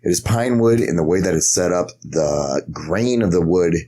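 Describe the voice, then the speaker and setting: Low-voiced joking man. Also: lively intonation, mellow, slight background noise. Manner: profane, joking, quick to argue. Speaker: podcast co-host. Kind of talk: casual chat.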